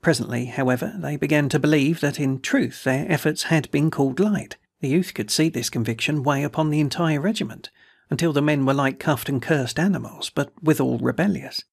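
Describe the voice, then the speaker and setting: A man narrating a classic novel as an audiobook, reading in a steady, measured way. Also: on the high side, creaky, slightly rough, no echo, clean studio sound.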